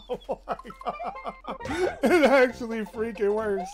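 Excitable young male game streamer. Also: high voice, slow pace, music in the background. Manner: excitable, laughs often, yells when surprised. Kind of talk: casual live-stream commentary.

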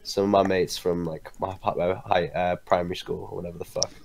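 A man's voice: sits low, flat delivery, brisk, creaky, a little mellow, slight background noise. A young man on a live stream, telling crude, swear-heavy stories to friends and laughing as he goes. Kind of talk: casual storytelling with friends.

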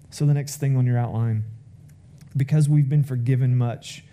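Warm-voiced male pastor preaching a sermon. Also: medium pitch, fairly even intonation, normal speed. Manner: storytelling, reads scripture aloud and acts out the characters' lines.

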